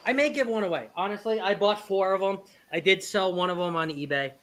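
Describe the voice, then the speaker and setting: A woman with a mid-range voice chats on a livestream, giggly and excitable. She jumps in over the others and laughs easily. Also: mid-range voice, fairly quick, slight background noise. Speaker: co-host. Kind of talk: casual chat on a livestream.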